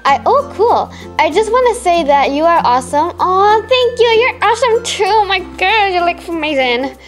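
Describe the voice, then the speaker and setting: Teen girl vlogger, high and bouncy, fangirling over fan mail. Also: normal speed, soft background music. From Malaysia. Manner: gushing, excitable fangirling with many "oh my gosh". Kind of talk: unboxing fan mail vlog.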